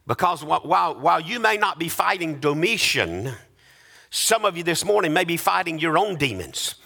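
A man preaching a sermon to his congregation, with a rising sing-song cadence and dramatic pauses. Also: a little high, sing-song, vocal fry, sharp tone. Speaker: pastor.

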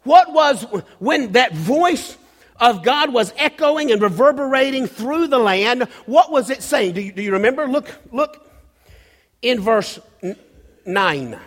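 A man with a very high voice preaches a sermon from the pulpit, his words trailing off in a long hall reverb. He gropes for words with restarts, then builds into louder emphatic bursts. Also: expressive, a little slow. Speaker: pastor. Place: church sanctuary.

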